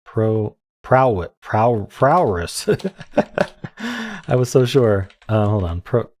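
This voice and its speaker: A man thinking aloud as he solves daily word puzzles, hesitant and muttering, with frequent ums and quiet self-amused asides. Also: medium pitch, sing-song, drawn-out words. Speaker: word game streamer.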